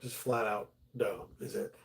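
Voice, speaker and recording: A man's voice: lowish voice, steady tone, unhurried. A middle-aged man, a stand-up comedian, chatting casually on a livestream, rambling with many restarts and swearing freely.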